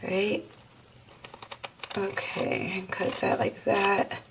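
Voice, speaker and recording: A woman's voice: mid-range voice, monotone, drawn-out words, gravelly, noisy background. A woman hosting a craft tutorial, chatting casually and thinking aloud as she works, calling her viewers y'all. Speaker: crafting channel host.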